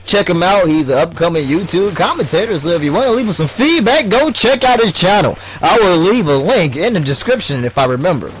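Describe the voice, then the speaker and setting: Lively, crude-joking gamer man. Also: high voice, brisk, few pauses, a little hiss or hum. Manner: crude teasing, laughs often. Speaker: gaming channel host. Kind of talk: casual let's-play banter.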